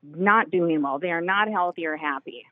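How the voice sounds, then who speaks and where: A woman from Minnesota with an Upper Midwest accent, calling a radio show and chatting excitedly. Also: on the low side, normal speed, dry recording, phone-quality sound. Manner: chatty, excited, laughs easily. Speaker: caller. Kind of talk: casual phone call to radio show. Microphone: telephone line.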